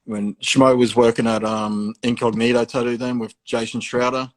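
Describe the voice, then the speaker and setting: Man, Australian accent, podcast guest, loose rambling delivery, sweary, average pitch. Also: little pitch movement, moderate pace. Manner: rambling, sweary, many fillers. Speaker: guest, tattoo artist. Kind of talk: casual storytelling.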